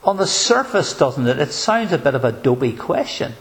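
A man preaching a sermon in an earnest, measured way, asking probing rhetorical questions. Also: mid-range voice, very animated.

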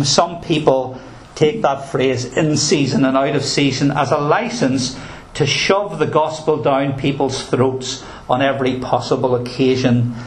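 A male pastor preaching a sermon in an earnest, emphatic way, with touches of dry humor. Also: medium pitch. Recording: roomy echo.

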